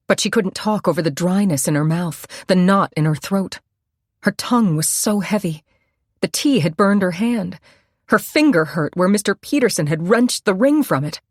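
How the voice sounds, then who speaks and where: A woman narrating a suspense novel in a measured, steady storytelling voice on a close microphone. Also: lowish voice, no echo. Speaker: audiobook narrator. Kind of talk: scripted narration.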